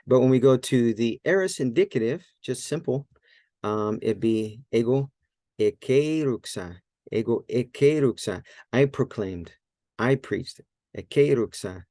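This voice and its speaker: A man's voice: mid-range voice, a little slow, mellow, dry recording. A man teaching a Greek grammar lesson in a casual, think-aloud way, often correcting himself and using many fillers. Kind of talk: casual screen-share lesson.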